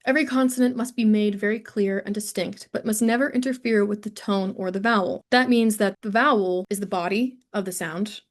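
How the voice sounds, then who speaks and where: A young woman runs a relaxed online singing lesson in a chatty, playful way. Her voice sits at an ordinary middle pitch for a woman. She talks straight into a studio microphone, friendly and informal. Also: brisk, few pauses. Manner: chatty and playful, breaks into sung examples. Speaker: voice teacher.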